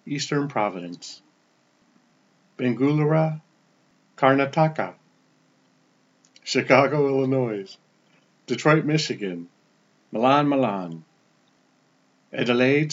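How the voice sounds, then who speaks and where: Casting note: man podcast host, easygoing, list-reading delivery, muffled lo-fi sound. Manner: relaxed, stumbles over foreign names and apologizes; pitch drops at the end of each place name. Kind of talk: casual podcast update, reading a list of listener locations.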